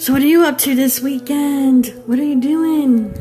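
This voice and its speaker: Chatty middle-aged woman, slightly high voice, rambling live-stream talk, soft music under it. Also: moderate pace. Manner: rambling, chatty, talks to viewers. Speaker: digital artist streaming a painting session. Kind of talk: casual chat while painting.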